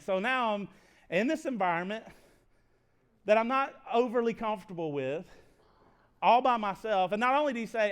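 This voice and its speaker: A pastor in his thirties, speaking with a fairly high voice in a chatty, folksy sermon. He tells stories in a self-deprecating way, with frequent laughs and restarts. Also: lively intonation, normal speed. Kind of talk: conversational sermon storytelling.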